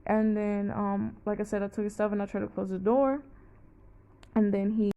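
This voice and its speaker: Young woman, gravelly mellow voice, rambling casual storytelling, swears a lot. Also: medium pitch, fairly even intonation, moderate pace, highs cut off. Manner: rambling, fillers of "like", heavy swearing.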